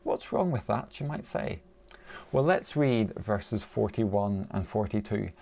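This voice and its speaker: A man's voice: on the low side, expressive, takes it slowly, gravelly, dark tone. A man preaching a sermon in a conversational way, asking his listeners rhetorical questions.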